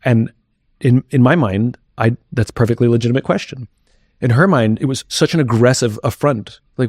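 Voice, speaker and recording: A man's voice: medium pitch, normal speed, a little mellow, dry recording. Candid, reflective man speaking in a dry room. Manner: reflective and candid, thinking aloud. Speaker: guest. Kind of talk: candid conversational interview.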